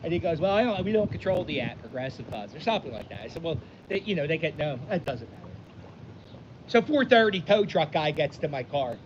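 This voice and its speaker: A man tells a rambling, self-interrupting story, fairly high-pitched and very animated. He is recorded outdoors on a lo-fi mic that sounds dull. Clear wind and boat noise sits behind him. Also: brisk. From Philadelphia. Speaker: vlogger. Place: outdoors by the water, windy.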